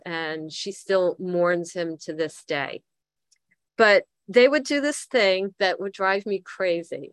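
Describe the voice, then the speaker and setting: A middle-aged woman shares her recovery experience in a casual, reflective way, thinking aloud and laughing at her own faults. Her voice sits at an ordinary pitch, and the recording is dry with no room echo. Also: a bit bright, smooth. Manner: candid, self-deprecating, thinks aloud with fillers. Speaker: twelve-step recovery speaker.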